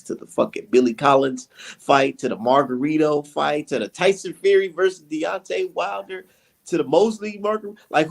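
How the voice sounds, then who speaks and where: A man with a gravelly, slightly husky voice that swings widely in pitch. He talks boxing in a heated, profane, rambling way, like a co-host ranting with a friend. His voice sits a little high for a man. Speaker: podcast co-host. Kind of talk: casual boxing chat.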